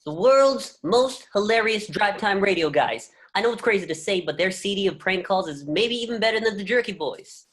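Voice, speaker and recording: A woman's voice: mid-range voice, animated, moderate pace, few pauses, lightly acted. A woman reading the part of a cocky, hyped young man in a script reading. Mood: excited.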